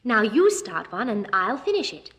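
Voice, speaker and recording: A woman's voice: fairly high pitch, big pitch swings, normal speed. A woman co-presenting for children, singing and reciting nursery rhymes in a playful sing-song.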